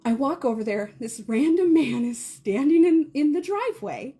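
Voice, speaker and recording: A woman in her thirties, a podcast co-host, telling a chaotic morning story in a casual, animated way, often laughing and acting out quotes. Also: moderate pace. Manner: animated, laughing, acts out quotes in a high squeal.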